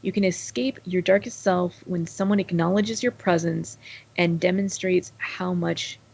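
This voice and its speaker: A woman playing a tabletop role-playing game, talking in a playful, halting way with many fillers. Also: on the low side, steady tone, creaky, a little mellow, husky, dull audio. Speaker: player. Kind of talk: casual tabletop play.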